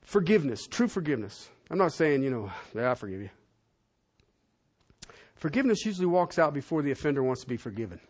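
Man, pastor, sermon, higher pitch, dramatic loud-to-soft swings, church hall. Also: very animated, fast, few pauses. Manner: dramatic swings from loud preaching to quiet prayer.

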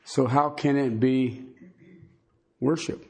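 A man teaching a Bible sermon in a halting, conversational way, with many fillers and folksy asides. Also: medium pitch, steady tone, warm tone, breathy edge. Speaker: preacher.

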